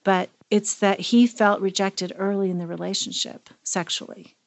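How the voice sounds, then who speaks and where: A woman's voice: mid-range voice, fairly even intonation, moderate pace, gravelly, no echo. A woman, a therapist co-hosting a podcast, speaking in an earnest, personal way. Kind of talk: casual podcast conversation.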